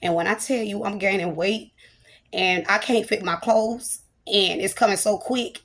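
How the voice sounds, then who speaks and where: A woman's voice: mid-range voice, measured pace, a bit bright. A woman prophetess giving a spoken prophetic message, chatty and playful, with church exclamations.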